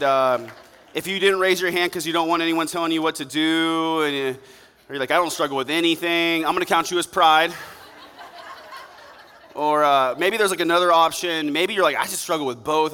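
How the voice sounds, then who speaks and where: A man's voice: mid-range voice, bright, forceful tone. A male pastor giving a conversational, joking sermon during a church service, drawing the congregation into a show of hands. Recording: live hall reverb.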